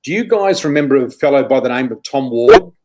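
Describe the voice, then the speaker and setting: A man's voice: medium pitch, lively intonation, fairly quick, darkish tone, poor audio. Middle-aged Australian man, chatty interview guest who tells long stories and corrects himself. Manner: chatty, self-correcting, acts out quotes. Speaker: guest psychic. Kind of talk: anecdotal interview storytelling.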